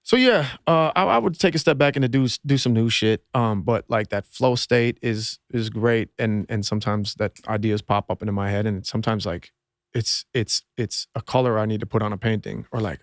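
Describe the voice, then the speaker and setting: A rapper from Minnesota, talking as a podcast guest in a laid-back, loose, profane way. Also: male voice, fairly low pitch, moderate pace, no echo, studio quality. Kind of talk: casual chat.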